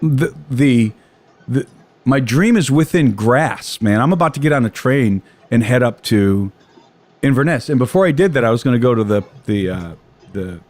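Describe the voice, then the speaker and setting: A man's voice: medium pitch, lively intonation, moderate pace, a little mellow. An American man with a mid-range voice tells a personal story in a loose, conversational way. He circles back on himself often, restarting and repeating words as he goes. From United States. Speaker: guest telling a story.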